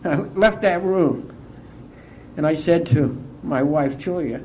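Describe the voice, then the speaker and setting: Mellow-voiced man telling a heartfelt story. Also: a little high, a little slow, a little hiss or hum. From West Virginia, US. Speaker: AA speaker. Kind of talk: personal recovery story told to a conference. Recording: dull lo-fi conference tape.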